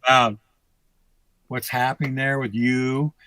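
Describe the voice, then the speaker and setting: A man's voice: mid-range voice, little pitch movement, measured pace, sharp tone, no echo, low-quality recording. Blunt, profane man on a dry mic. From United States. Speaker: podcast guest. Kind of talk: casual conversation.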